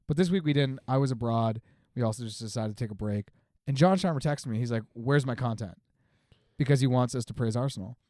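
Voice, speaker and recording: Fast-talking man with a mellow voice. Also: medium pitch, dry recording, studio quality. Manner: quick, teasing, fast banter. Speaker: podcast co-host. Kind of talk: casual sports chat. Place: home podcast studio.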